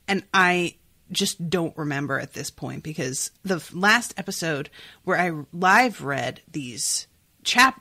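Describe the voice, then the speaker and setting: A woman's voice: on the low side, bright, forceful tone, dry recording. A sniffly young woman hosting a podcast, chatting casually about a book and often saying "like" and "um". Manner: chatty, full of "like" and "um". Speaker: podcast host.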